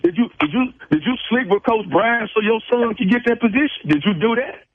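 A man making a prank phone call, talking in a slow drawl with stammering restarts. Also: high-pitched, lively intonation, breathy edge, no echo. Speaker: radio prank caller. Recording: tinny phone line.

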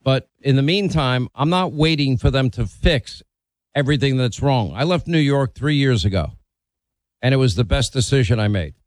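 A man's voice: medium pitch, lively intonation, moderate pace, no room sound. A middle-aged man hosting a call-in radio talk show, blunt and opinionated, teasing his callers.

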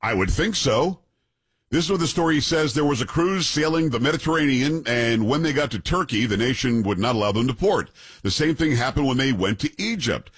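A man hosts a talk radio show in a husky, breathy voice. He reads the news with heavy sarcasm and cuts in with mock-shocked outbursts. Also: mid-range voice, lively intonation, brisk, fairly bright tone.

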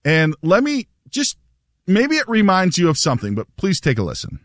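A man's voice: high voice, huge pitch swings, moderate pace, a little hiss or hum. A man hosting a casual radio show, telling stories animatedly and laughing as he talks. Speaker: radio host.

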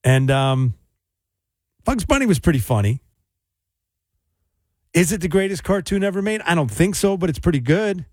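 A man's voice: sits high, lively intonation, normal speed, long pauses, darkish tone, no room sound, clean studio sound. A man hosting a call-in radio show, chatting loosely with many fillers and restarts. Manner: rambling, hesitant with fillers. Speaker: radio host.

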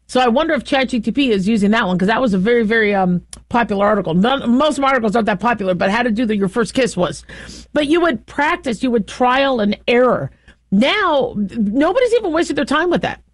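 Chatty, high-voiced woman host. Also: dry recording. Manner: chatty, animated, laughs often, many restarts. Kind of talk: casual commentary.

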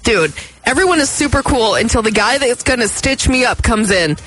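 A woman telling a story in casual chat, lively and acting out what people said. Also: fairly high pitch, normal speed, faint music behind. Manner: animated storyteller acting out quotes.

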